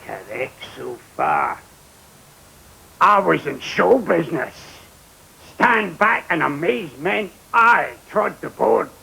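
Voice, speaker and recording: An actor playing a gruff older Scottish man in a TV comedy sketch, lecturing and calling the listener son. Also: sits high, very animated, takes it slowly, pushed and bright, full character voice. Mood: boastful.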